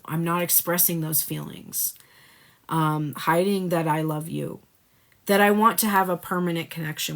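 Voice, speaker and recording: A woman's voice: fairly low pitch, creaky. A woman giving a live tarot reading in a casual, blunt way, speaking the messages of the card figures in the first person. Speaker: tarot reader.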